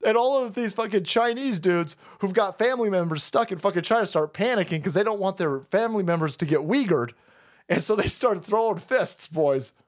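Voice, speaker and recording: A man's voice: high-pitched, animated, a little fast, slight background noise. A man hosting a livestream, ranting about politics in a profane, rambling way and laughing often. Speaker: livestream host.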